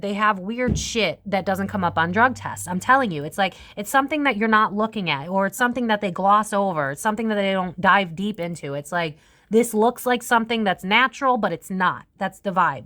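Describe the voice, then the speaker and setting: A woman's voice: mid-range voice, fairly bright tone. A woman giving a casual psychic tarot reading, rambling and swearing freely, with frequent laughs. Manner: profane, rambling, laughs often.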